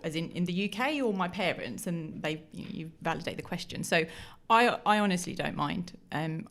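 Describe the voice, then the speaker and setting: Podcast guest: woman from East London, lowish voice, frank and easygoing, acts out dialogue. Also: fairly bright tone. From East London, England. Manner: frank, acts out quoted exchanges. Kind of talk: casual chat.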